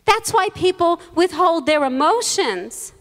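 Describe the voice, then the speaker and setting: A woman rabbi giving a holiday sermon, telling stories with quoted voices and gentle humor. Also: very high voice, animated, a little slow. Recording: long reverb in a large hall.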